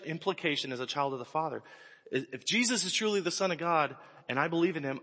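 A man in his forties preaching a sermon, telling stories with animated swings and sudden shouts. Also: fairly high pitch, quick pace. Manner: animated storytelling, bursts into shouts. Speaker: pastor. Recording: echoey hall with long reverb.

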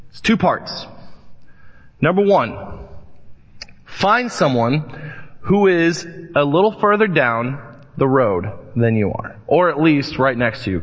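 A man preaching a sermon, reading scripture and telling lively anecdotes as he acts out voices in the stories. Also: medium pitch. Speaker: pastor. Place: church sanctuary. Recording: long church reverb, dull lo-fi sound.

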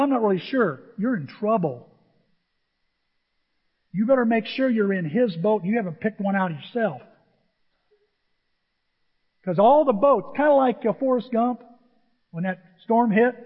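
Male pastor, sermon, dramatic loud and quiet swings, long church reverb. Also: high-pitched. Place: church sanctuary. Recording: dull echoey sanctuary sound.

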